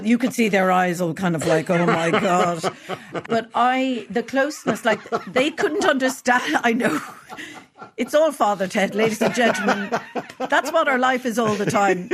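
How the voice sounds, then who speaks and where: An Irish woman talking as a guest in an interview, chatty and lively, laughing often and jumping from thought to thought. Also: medium pitch. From Ireland. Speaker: guest singer. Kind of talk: casual interview chat.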